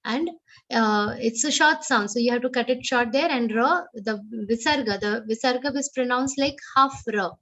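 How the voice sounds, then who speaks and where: High, bright woman teaching recitation. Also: low-quality recording. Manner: slow, careful chanting of verses, then explaining each sound. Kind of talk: online recitation class. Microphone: online call microphone.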